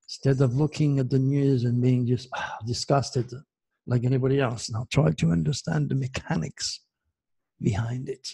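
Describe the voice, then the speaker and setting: A man's voice: mid-range voice, fairly even intonation, moderate pace, vocal fry, mellow, breathy edge. A man from France with a French accent, a native French speaker, giving an emphatic, self-promoting monologue as host and repeating himself. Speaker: astrologer host.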